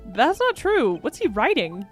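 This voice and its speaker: A woman's voice: on the high side, wildly swooping pitch, measured pace, faint music behind. A woman hosting a let's play, giggly and playful, chatting casually and reading game dialogue aloud.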